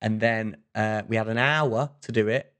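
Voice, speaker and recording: A man co-hosting a relaxed podcast, rambling through a story with lots of restarts and fillers. His voice sits on the low side. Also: moderate pace. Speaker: podcast co-host. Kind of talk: casual chat.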